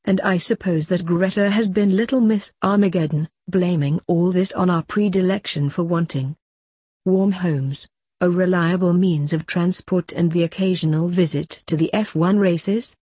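A woman's voice: lowish voice, normal speed, warm tone, breathy edge, dry recording. A woman voicing a small male piglet who speaks in a dry, mocking, matter-of-fact way. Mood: sardonic.

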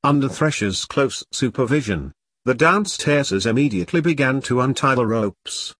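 A man narrates in a wry, earthy way, like a scripted storybook reading. His voice is husky and mid-pitched, and the recording is close and dry. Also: expressive, moderate pace, a bit bright, no echo. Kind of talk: scripted dark comic narration.

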